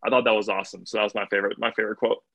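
A man's voice: lowish voice, little pitch movement, racing, vocal fry, pushed and bright, breathy edge. A man on a podcast explaining his choice earnestly, rambling a little with fillers. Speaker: podcast co-host. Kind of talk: casual podcast chat.

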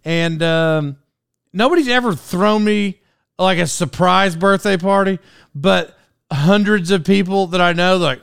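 A man's voice: high-pitched, unhurried, vocal fry, fairly bright tone, clean tone, no echo, studio quality. A man in his forties hosting a podcast solo, rambling through a personal story with restarts and laughs at himself. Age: 40s. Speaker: podcast host.

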